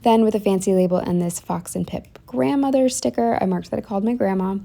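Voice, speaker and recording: A woman's voice: mid-range voice, brisk, creaky, dark tone. A young woman chatting casually through a planner voiceover, rambling with lots of ums and likes. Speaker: planner vlogger.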